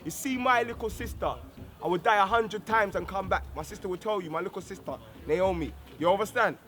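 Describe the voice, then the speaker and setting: A man's voice: sits high, quick pace, fairly bright tone, a little hiss or hum. A man giving an earnest outdoor speech to youths, repeating himself and peppering it with slang. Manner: earnest, repetitive, full of street slang. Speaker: community speaker. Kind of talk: street gathering speech. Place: outdoors at a street gathering.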